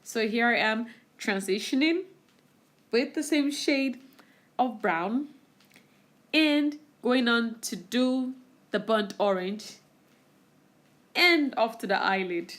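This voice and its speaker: A woman's voice: fairly high pitch, expressive, slow, long pauses, fairly bright tone. A woman narrating her makeup tutorial over the footage, walking viewers through each step with enthusiasm. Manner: instructive, enthusiastic. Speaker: beauty vlogger.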